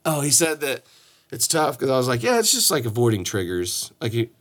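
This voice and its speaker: A man hosting a podcast, bantering in an animated, profane, self-mocking way. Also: medium pitch, brisk. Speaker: podcast host. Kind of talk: crude casual chat.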